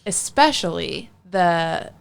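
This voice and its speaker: A young woman from the Midwest, a podcast guest in casual chat, supportive and explaining things calmly. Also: lowish voice, gravelly, smooth. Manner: supportive, explaining, with quick agreements.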